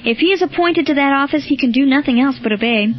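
A man's voice: very high-pitched, fast. A woman reading the part of a resolute, commanding male Christian soldier in a storybook. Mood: reflective. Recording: dull lo-fi with faint music.

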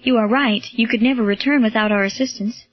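A woman reading the part of an aged male church elder, grave and measured. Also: on the high side, steady tone, no room sound, lightly acted. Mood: calm. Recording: dull lo-fi, dry.

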